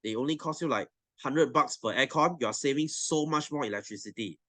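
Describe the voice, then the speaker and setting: A man's voice: medium pitch, a little fast, a bit bright, dry recording. A young adult man with a Malaysian English accent, teaching a science class in a blunt, swearing, teasing rant to his students. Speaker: science tutor.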